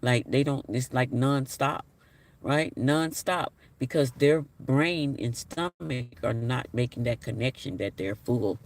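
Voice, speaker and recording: A man's voice: mid-range voice, a little slow, far from the mic. A man hosting a casual live stream, chatting and reading viewer comments aloud with an apologetic manner. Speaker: livestream host.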